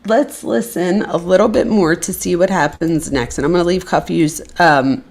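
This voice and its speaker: A woman's voice: fairly low pitch, moderate pace, a little mellow. A woman hosting a live stream in casual chat, effusive and chatty with viewers.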